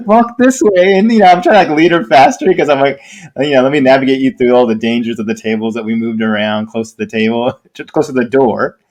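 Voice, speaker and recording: A man telling a story in casual podcast chat, laughing often and acting out voices. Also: fast. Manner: animated, laughing, acts out voices in high pitch. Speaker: podcast co-host.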